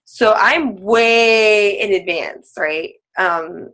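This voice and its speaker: A woman fitness coach, appearing as a guest on a team call, has a mid-range, somewhat bright voice and draws out her words. She chats casually, using many "like" fillers and laughing a lot.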